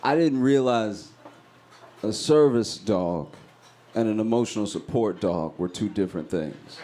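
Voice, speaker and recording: A man's voice: fairly low pitch, measured pace, warm tone. A man performing a stand-up comedy set, telling a story and acting out screams and voices. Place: comedy club stage.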